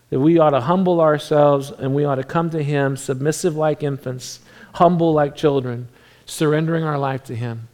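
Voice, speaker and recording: A pastor giving a sermon in a conversational way, lively at times and dropping to a hushed near-whisper at others. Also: male voice, medium pitch. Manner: conversational preaching that swings from animated to hushed, near-whispered passages.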